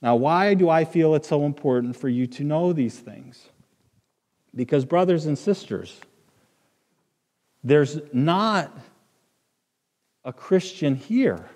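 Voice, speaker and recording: A middle-aged man preaching a sermon as pastor, conversational and halting, with fillers and restarts. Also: a little high, animated, a little mellow. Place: church sanctuary with long reverb. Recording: reverberant church hall.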